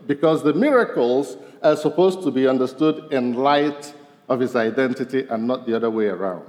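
A man preaching a sermon as pastor, his voice rising to stress points and falling low at the end of each. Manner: animated, voice rising for emphasis and dropping low at ends of points. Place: church sanctuary. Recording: long reverb of a large hall.

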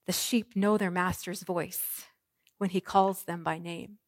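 A woman pastor preaching an Easter sermon, moving from hushed, soft lines to ringing proclamations. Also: on the low side, fairly even intonation, a little slow, dry recording, studio quality.

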